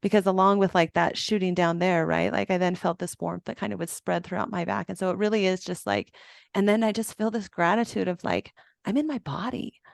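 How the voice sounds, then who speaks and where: A woman in her forties, a podcast guest and trauma embodiment coach, answering slowly and thoughtfully about healing and feeling things in her body. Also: fairly low pitch, creaky, no room sound. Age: 40s. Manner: slow, searching, emotional talk about the body. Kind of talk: reflective interview answer.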